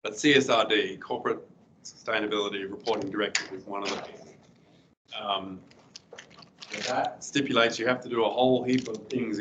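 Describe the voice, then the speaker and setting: A middle-aged man giving a guest lecture with slides, hoarse and clearing his throat, speaking haltingly with many fillers and restarts. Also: on the low side, fairly bright tone, a little hiss or hum, low-quality recording.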